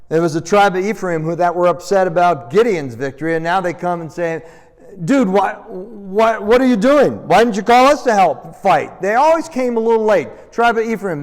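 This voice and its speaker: A man preaching a sermon as pastor, telling the story with animated, acted-out voices. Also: on the high side. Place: church sanctuary. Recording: long church reverb.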